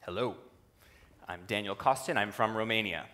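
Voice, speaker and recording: A man quoting a big, bearded male fencing coach in a relaxed, playful voice. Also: lowish voice, moderate pace, pitched below the performer's own voice.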